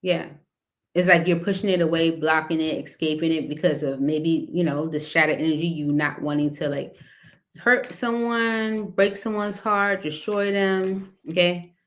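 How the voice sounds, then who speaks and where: A woman's voice: sits low, normal speed. A woman giving a casual tarot reading, talking loosely with lots of fillers and little laughs. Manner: rambling, filler-heavy, laughs between cards. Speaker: tarot reader.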